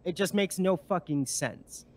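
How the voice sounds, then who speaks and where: A man's voice: high voice, measured pace. A man, a guest on a live stream, telling a story in a rambling casual way with many fillers and restarts.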